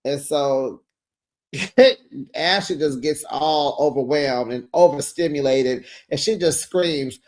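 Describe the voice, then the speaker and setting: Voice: medium pitch, slow, a little mellow. A host giving a casual recap of a reality show, sassy and gossipy, breaking into exclamations and laughs while retelling.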